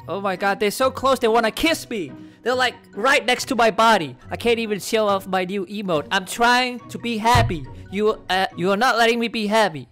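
A man hosting a game channel, rambling excitably through casual gameplay commentary, talking back to other players and laughing often. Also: sits high, a little fast, soft background music. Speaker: gaming channel host.

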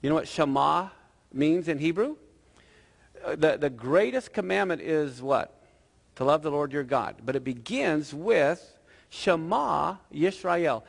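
A male pastor preaching a sermon in a lively, conversational storytelling manner. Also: a little high, unhurried, creaky, big-room sound.

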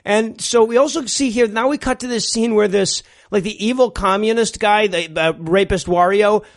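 A man's voice: high voice, moderate pace. A man co-hosting a podcast, casually mocking a movie as he retells its scenes with laughs and swearing. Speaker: podcast co-host. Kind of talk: casual comedic movie commentary.

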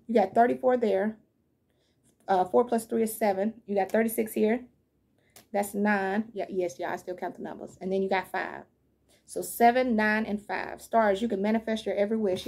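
Chatty woman tarot reader, higher voice. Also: a little fast, breathy edge. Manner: chatty and animated, calls listeners y'all and baby; frank and blunt, swears now and then. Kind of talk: casual tarot reading.

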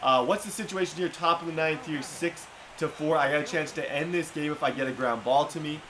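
A young man giving excited commentary on his own video game play, talking to his viewers and reacting loudly to every play. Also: on the high side, brisk, a little hiss or hum. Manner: hyped, talks to himself and viewers, swings from thrilled to dejected. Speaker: gaming YouTuber.

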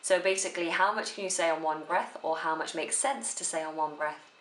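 A woman giving a spoken theory lesson for a drama exam, explaining slowly and deliberately. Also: on the low side, a bit bright. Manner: slow, careful, deliberate delivery. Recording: echoey room.

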